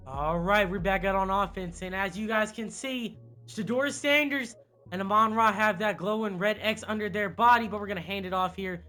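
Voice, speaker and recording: Bright-voiced hyped young gamer guy. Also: high voice, moderate pace, faint music behind. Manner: hyped, excitable play-by-play with frequent fillers. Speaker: gaming YouTuber. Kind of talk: casual video game commentary.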